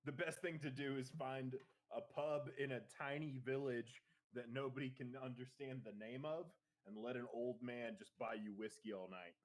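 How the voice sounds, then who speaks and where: A man's voice: mid-range voice, steady tone, moderate pace. Man telling a casual anecdote. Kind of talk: casual chat.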